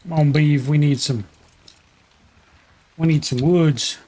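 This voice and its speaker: A man's voice: on the high side, fairly even intonation, slow pace, pauses often, warm tone. A man streaming a survival game, chatting casually and thinking aloud while he plays. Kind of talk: casual gameplay commentary.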